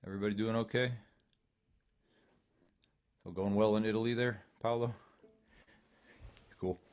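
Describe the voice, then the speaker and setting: Brief: low-pitched man, relaxed fiddle teacher on a video call, loud fiddle playing behind. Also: unhurried. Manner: relaxed, talks through bowing patterns step by step. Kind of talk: online music workshop instruction. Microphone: home computer mic on a video call. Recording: loud fiddle music throughout.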